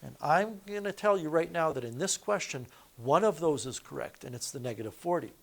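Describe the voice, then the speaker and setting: A man with a slightly raised pitch teaches a math lesson in a classroom. He works through each step out loud and stops to fix his own slips. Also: animated, a little fast, creaky. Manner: explains step by step, correcting himself aloud. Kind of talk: classroom lecture.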